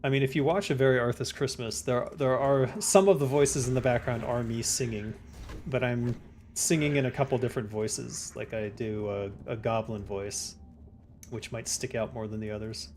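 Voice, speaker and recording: A man's voice: medium pitch, normal speed, a little hiss or hum. Easygoing male game streamer. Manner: relaxed, chatty, reads chat aloud and answers it. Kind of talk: casual live-stream chat while gaming.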